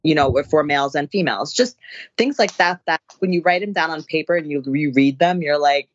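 Woman, excitable storyteller, laughs often, casual interview guest, muffled dry recording. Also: deep voice, brisk, dry recording. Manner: excitable, laughing storyteller, acts out others' voices. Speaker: guest, powerlifter.

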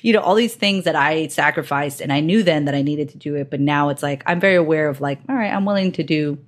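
Low-voiced woman interviewer, friendly, rambles a bit, laughs a lot. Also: quick pace. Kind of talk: casual interview talk.

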